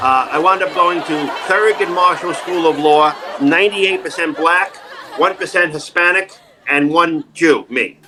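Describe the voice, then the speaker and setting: A middle-aged man with a New York accent, telling jokey stories in a casual interview, animated and wisecracking. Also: a little high, a little slow, crowd noise, background noise. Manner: animated, wisecracking, jumps into quoted voices. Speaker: actor and comedian, interview guest. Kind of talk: casual interview, joking storytelling.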